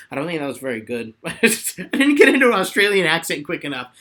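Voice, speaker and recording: A man's voice: high voice, big pitch swings, brisk, bright, forceful tone. A young man casually chatting on a live stream at home, answering viewer questions with rambling, laughing talk. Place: home room with bookshelf.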